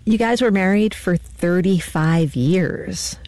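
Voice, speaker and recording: A man interviewing a guest on the radio, asking gentle, attentive questions. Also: high voice, takes it slowly, noisy background.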